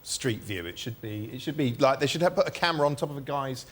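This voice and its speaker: Deadpan male panelist, lively pitch. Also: fast talker. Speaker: panel guest. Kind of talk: comic panel banter.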